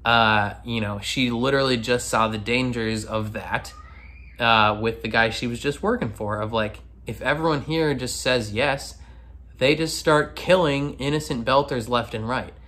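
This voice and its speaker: A man's voice: mid-range voice, a little slow, sharp tone. Rambling man reacting to a show. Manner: rambling, laughs often, many fillers and restarts. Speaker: reaction video host. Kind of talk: casual reaction commentary.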